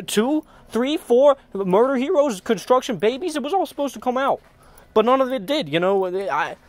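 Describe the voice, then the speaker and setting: Young man, comedic rant, stammering, repeats words, exasperated, swearing. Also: sits high. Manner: worked-up, profane, exasperated. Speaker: comedy web video creator. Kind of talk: comedic in-character rant to camera.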